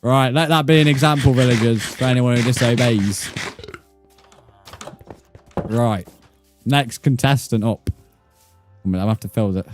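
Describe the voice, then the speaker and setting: A man with a British accent, giving profane, excitable live commentary while streaming a game. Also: mid-range voice, moderate pace, pauses often, soft background music. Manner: profane, excitable, mock-outraged. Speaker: gaming streamer.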